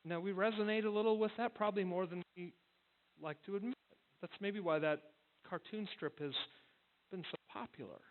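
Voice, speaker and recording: A man's voice: high voice, moderate pace. A male pastor giving a sermon in a conversational storytelling way, often restarting his words. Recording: tinny phone-like sound.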